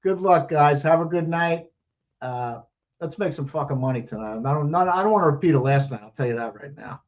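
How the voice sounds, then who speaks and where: A man's voice: fairly high pitch, expressive, muffled recording. A man hosting a sports betting show, rattling off picks and lines in casual, profane, jokey chat, a bit out of breath. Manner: rapid-fire, profane, jokey.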